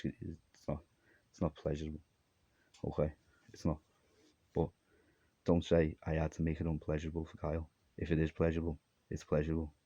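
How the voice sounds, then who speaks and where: A man's voice: rumbling low, dark tone, breathy edge, no room sound, highs cut off. A man from Armenia talking to camera in a rambling solo monologue, jumpy and disjointed, trailing off mid-thought. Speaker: vlogger.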